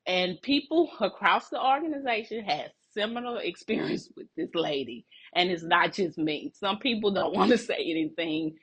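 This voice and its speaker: A woman telling a workplace story in a casual, animated and indignant way, laughing between phrases. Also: lowish voice, moderate pace, hardly any pauses, breathy edge.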